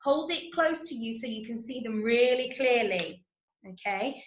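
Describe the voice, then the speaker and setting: Slow, high-voiced Manchester woman teaching. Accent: Manchester English. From Manchester, England. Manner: patient, encouraging, checks in with "okay?". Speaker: drama workshop teacher. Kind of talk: instructional talk to children. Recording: echoey room.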